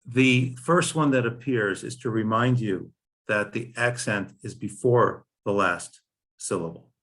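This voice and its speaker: Man, class participant, explains theory, halting restarts. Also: fairly low pitch, fairly bright tone. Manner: theoretical, self-correcting.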